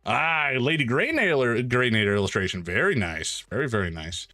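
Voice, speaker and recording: Animated, excitable man streaming. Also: mid-range voice, normal speed, no echo, studio quality, faint music behind. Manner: animated and excitable, jokey, thanks donors. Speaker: streamer hosting a charity stream. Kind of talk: casual live-stream chat while drawing.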